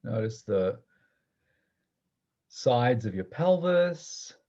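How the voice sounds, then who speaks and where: A man teaching a guided movement class, giving gentle, playful instructions and often laughing. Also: mid-range voice, sing-song, drawn-out words, muffled recording.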